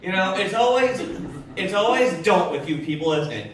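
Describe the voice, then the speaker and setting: A man performing a stand-up comedy set with a deadpan, offhand delivery. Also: high voice, moderate pace, a little hiss or hum. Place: live comedy venue. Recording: echoey hall from far off.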